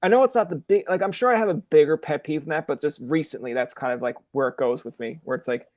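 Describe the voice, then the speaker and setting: Young male podcast host, animated storyteller, dry close sound. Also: on the high side, fast, dry recording. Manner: animated storyteller who acts out quoted lines. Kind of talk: casual chat. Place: room in his parents' house.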